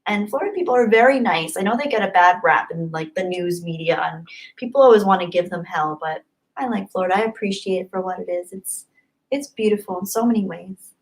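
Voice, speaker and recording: A young woman hosting a casual livestream, reading super chats and thanking viewers. She gushes and gets excited, and she thinks aloud as she scrolls the chat. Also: fairly low pitch, fairly quick. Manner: bubbly, gushing and excitable. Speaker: livestream host.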